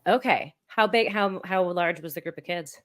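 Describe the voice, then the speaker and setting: Female podcast host with a lowish voice, friendly, asks relaxed follow-up questions. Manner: friendly, laughs along, quick follow-up questions. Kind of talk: casual interview.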